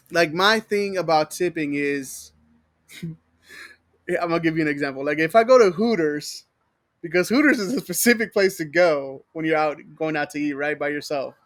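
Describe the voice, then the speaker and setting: A man's voice: on the high side, no room sound, clean studio sound. A man with a Texan accent co-hosting a podcast, rambling and cursing as he tells stories and mimics people. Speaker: podcast co-host. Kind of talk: casual chat.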